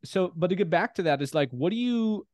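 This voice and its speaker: A man hosting a podcast, who speaks in a relaxed, casual way and laughs easily. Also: sits high, fairly quick, dry recording. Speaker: podcast host. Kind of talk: casual chat.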